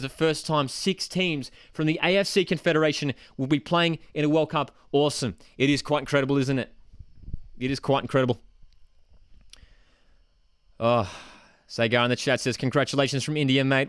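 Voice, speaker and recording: Young man, live stream host, excited fan, smooth clear voice, dry close sound. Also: medium pitch, dry recording. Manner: ecstatic, shouting, calls everyone man and dude. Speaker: football streamer hosting a live watchalong. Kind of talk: live match reaction and chat reading.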